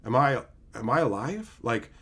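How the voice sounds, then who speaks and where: Man playing a bewildered young female new hire, soft and confused, barely a put-on voice. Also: mid-range voice, very animated, moderate pace, pitched below the performer's own voice. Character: bewildered young woman, newly hired.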